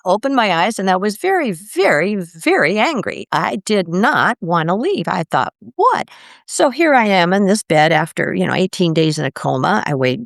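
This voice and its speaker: An older woman, a podcast guest, telling her story in casual conversation and acting out quoted voices with big jumps in pitch. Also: very animated, moderate pace, creaky, hardly any pauses, dry recording, clean studio sound.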